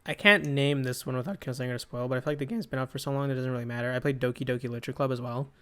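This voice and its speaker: Young male podcast co-host, bright clean voice, rambling and self-mocking. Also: medium pitch, rapid-fire, smooth. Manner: rambling, self-deprecating storyteller with many fillers. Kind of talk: casual comedy podcast chat.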